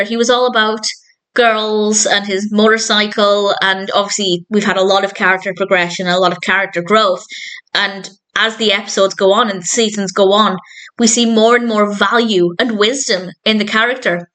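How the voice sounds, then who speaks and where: A woman's voice: mid-range voice, fairly even intonation, moderate pace, fairly bright tone, rough recording. A woman reviewing a TV sitcom episode in a casual spoken monologue, earnest and reflective, openly moved by what she describes.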